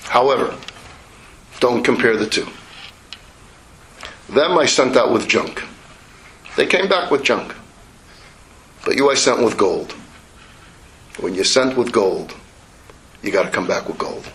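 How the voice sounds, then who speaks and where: A man voicing a regretful middle-aged father who speaks low and earnestly to his son. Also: expressive, slow, hardly any pauses, a bit bright, a little hiss or hum. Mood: solemn.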